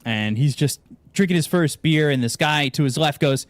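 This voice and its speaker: A man's voice: fairly high pitch, a little fast, no echo, clean studio sound. A man casting an esports broadcast, chatting casually and telling long jokes between matches. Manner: joke-telling, animated. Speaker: esports caster. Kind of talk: casual on-air banter.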